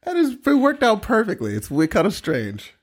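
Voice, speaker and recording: A man's voice: high-pitched, wildly swooping pitch, normal speed, slightly rough. Laid-back stubborn co-host in his forties. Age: 40s. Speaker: podcast co-host. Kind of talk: casual podcast banter.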